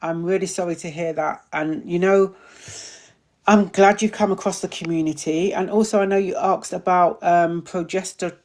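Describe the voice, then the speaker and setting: A woman's voice: on the low side, fairly even intonation, moderate pace, a little mellow. Chatty woman host of a live stream. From Britain. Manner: chatty, stumbles over long words and laughs it off. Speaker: host of a live online menopause community. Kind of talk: live-stream chat and viewer Q&A.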